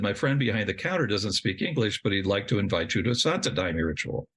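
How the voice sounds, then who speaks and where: A middle-aged man appears as a podcast guest, and his voice is fairly low with a fairly bright tone. In an interview, he tells a long personal story in a rambling way, restarting sentences and laughing at himself.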